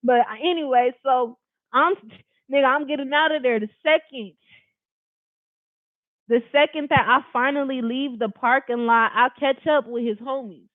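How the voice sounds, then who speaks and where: Woman, casual storytime, cursing and emphatic, higher voice, thin phone-like sound. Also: fairly even intonation, normal speed, dry recording. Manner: profane, blunt and emphatic. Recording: tinny phone-like dry recording.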